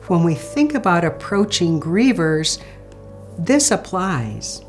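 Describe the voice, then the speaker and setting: A woman giving an instructional talk on supporting grieving people, speaking in a calm, gentle and measured way. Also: lowish voice, soft background music. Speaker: grief support educator.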